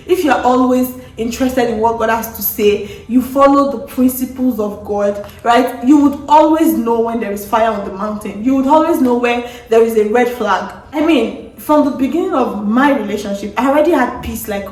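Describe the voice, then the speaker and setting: A young woman vlogger telling a story to camera in a casual, animated way, often acting out what was said. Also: a little high, recorded from a distance. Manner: animated, acts out quotes with wailing and laughter. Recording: roomy sound from off-mic.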